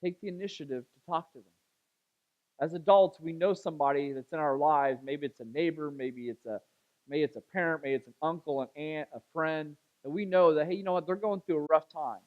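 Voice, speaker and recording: A man pastor telling a story in a sermon, chatty and animated, acting out the voices of the people in it. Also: fairly high pitch, a little fast, narrow, tinny audio. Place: church sanctuary.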